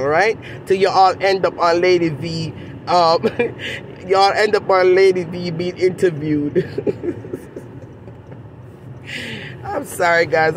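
A woman's voice: fairly low pitch, a little hiss or hum, rough recording. A woman with a Jamaican accent giving direct-to-camera commentary, scolding the person she addresses with repeated rhetorical questions. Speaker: commentary vlogger.

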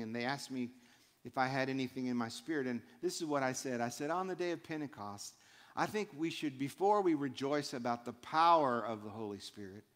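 A man preaching a sermon in a church, emphatic and built on short repeated phrases. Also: medium pitch. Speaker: pastor. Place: church sanctuary. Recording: long hall reverb.

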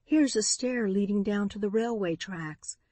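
A woman's voice: mid-range voice, measured pace, mellow, no echo, natural voice. A woman voicing a determined, breathless young woman. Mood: breathless urgency. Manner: urgent, breathless pleading.

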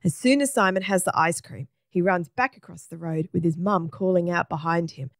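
A woman narrating a children's story aloud in a clear, even way. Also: on the low side, normal speed, few pauses, no room sound, clean studio sound. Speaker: storybook reader.

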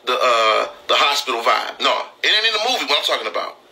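A man's voice: medium pitch, sing-song, fast, pushed and bright, a little hiss or hum, low-quality recording. Heated, emphatic man on a live stream. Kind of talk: impassioned live-stream talk.

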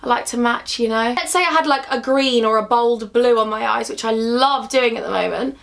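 Bubbly young woman, high voice. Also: brisk, gravelly, a bit bright. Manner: gushing, affectionate, bubbly. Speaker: beauty vlogger. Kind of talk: casual makeup chat to camera.

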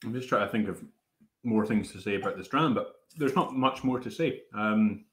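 A man's voice: fairly low pitch, normal speed. A man hosting a casual whisky tasting, chatty and hesitant with many fillers. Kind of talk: casual live-stream chat.

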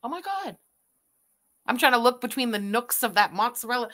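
A woman streamer giving loud, animated, swearing reaction commentary while watching a video, laughing often. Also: a little high, fairly quick. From Canada.

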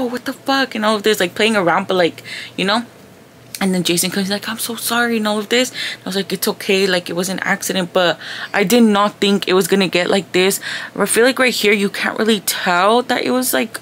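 A woman's voice: mid-range voice, fairly bright tone, slight background noise. A young woman talking casually to her vlog viewers, chatty and loose, sprinkling in Spanish words. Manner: chatty, says "like" and "girl" a lot, mixes in Spanish words. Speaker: vlogger. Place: at home in her bedroom.

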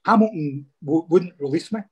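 A man's voice: a little high, moderate pace, a little mellow, breathy edge. A Scottish man, a former footballer, telling stories casually in an interview and often saying "mate". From Scotland. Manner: chatty, says "mate" a lot.

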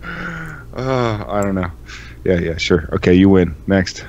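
A man's voice: low voice, measured pace, pauses often, darkish tone, a little hiss or hum. A man co-hosting a podcast in casual chat, swearing often and laughing through his stories. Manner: profane, laughing storyteller. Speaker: podcast co-host. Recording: dull lo-fi mic.

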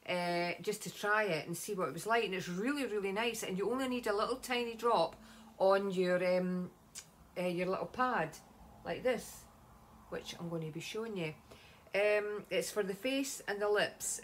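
A woman's voice: mid-range voice, slight background noise. A Scottish woman chatting casually in a home beauty vlog, rambling with many ums and asides. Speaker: vlogger.

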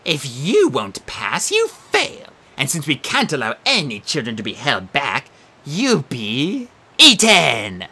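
A prim, snappish sphinx monster barking out quiz questions in a high, drawn-out voice, as a woman reads her. The pitch leaps wildly from line to line. It is a storybook audiobook voice. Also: wildly swooping pitch, bright, forceful tone, husky, full character voice. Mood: menacing. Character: fussy female sphinx monster quizmaster.

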